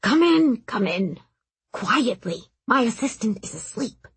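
A woman voicing a tall, gentle old male master mage who is fond of animals, with a light, breathy voice and a soft, doting murmur. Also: medium pitch, expressive, slow pace, no room sound, full character voice. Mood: brisk.

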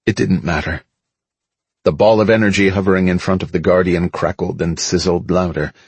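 A man's voice: low-pitched, slightly rough, no room sound. A man reading first-person scripted narration in an audiobook, storytelling steadily with dramatic lifts.

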